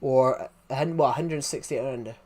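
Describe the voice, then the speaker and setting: A man's voice: mid-range voice, brisk, darkish tone. Southwest english bloke streaming, rambly chat, keeps restarting his sentences. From England. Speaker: live streamer. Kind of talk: casual live-stream chat.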